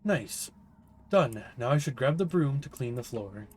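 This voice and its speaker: A man's voice: medium pitch, lively intonation, a little slow, a little mellow, soft background music. A man giving casual gameplay commentary with dry, offhand remarks. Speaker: let's play host.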